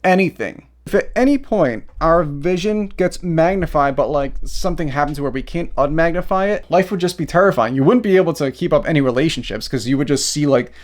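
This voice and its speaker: A man's voice: fairly high pitch, fairly quick, few pauses. A man hosting a comedy video, reading scripted facts and breaking into crude, rambling asides. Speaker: video host. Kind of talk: comedic commentary mixed with read script.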